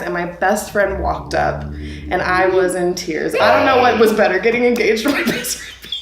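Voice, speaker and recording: A woman's voice: lowish voice, moderate pace, vocal fry. Young woman with a roomy, noisy recording. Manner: animated, laughing as she retells the day. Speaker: bride-to-be telling her engagement story. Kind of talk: casual storytelling to camera.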